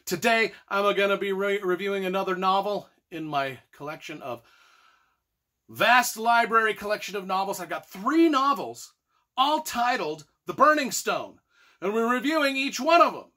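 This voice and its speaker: Middle-aged man, author-reviewer, exasperated and emphatic rant, high and swooping, bright edge. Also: animated, moderate pace. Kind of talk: ranting book review video.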